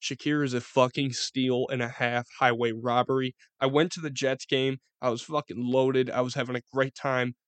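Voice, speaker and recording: A young man with a Western New York accent giving casual, profane sports commentary as a podcast host, rambling and excitable. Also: medium pitch, normal speed, few pauses, clean tone, no room sound.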